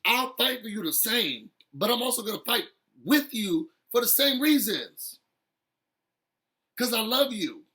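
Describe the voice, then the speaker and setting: A man recapping a reality show episode in a casual, emotional chat, animated and laughing often as he talks straight to viewers. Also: high voice, measured pace.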